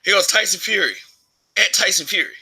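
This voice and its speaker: A man's voice: sits high, brisk, bright, forceful tone, husky, low-quality recording. A man from Alabama giving his opinions in a casual vlog monologue, rambling, restarting phrases and chuckling often. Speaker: vlogger.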